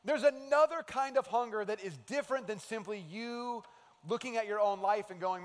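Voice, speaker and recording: Animated high-voiced male preacher in a hall. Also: fairly quick. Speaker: pastor. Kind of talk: sermon. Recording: long hall reverb.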